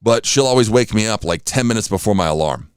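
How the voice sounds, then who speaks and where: A man's voice: lowish voice, expressive, quick pace, clear, resonant tone, dry recording, clean studio sound. A tired man hosting a casual morning radio show, rambling and self-deprecating, acting out little pleas. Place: radio studio.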